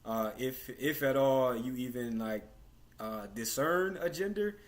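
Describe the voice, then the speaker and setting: Male host, mid-pitched voice, relaxed slangy talk, video call audio. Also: unhurried. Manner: relaxed, slangy, many fillers and restarts. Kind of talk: casual conversation.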